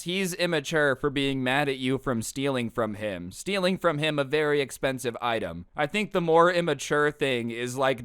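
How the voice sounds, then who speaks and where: A man tells a storytime in a casual, sarcastic way, with animated asides to the listener. His voice is smooth and clear, mid-pitched, and recorded dry and close. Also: no room sound. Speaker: storytime YouTuber.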